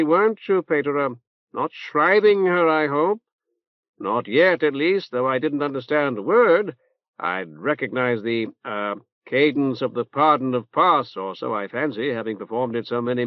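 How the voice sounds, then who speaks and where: In a mid-range, animated voice close to his everyday one, at a moderate pace, a man plays a pompous older cleric with a reverberant nasal sound, fussy and full of hesitant ums. The mood is unctuous, and the recording is a dull, dry tape transfer.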